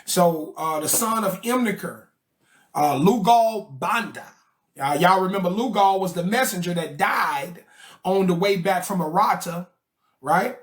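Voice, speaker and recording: A man's voice: sits high, animated, a little slow. A man teaching a study group in a casual, joking way, full of slang and checks like "okay?" and "right?". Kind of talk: casual explanatory lecture.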